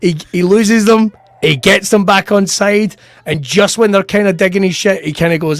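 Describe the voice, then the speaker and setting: A man's voice: high voice, fairly even intonation, normal speed, gravelly, dry recording. A man, a comedian hosting a podcast, telling stories animatedly with lots of swearing and laughter. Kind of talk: casual storytelling chat.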